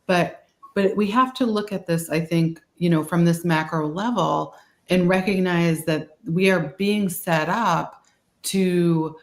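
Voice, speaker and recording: A woman's voice: lowish voice, darkish tone, roomy sound. A woman with a Boston accent speaks as a guest in a webinar on a video call. She rambles casually and fills her talk with "like" and "you know.".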